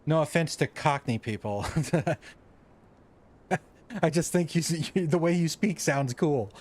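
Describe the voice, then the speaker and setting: A man's voice: fairly high pitch, lively intonation, slow pace, darkish tone. An American man streaming a video game, chatting casually and reading in-game lore aloud, laid-back and a bit profane. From United States.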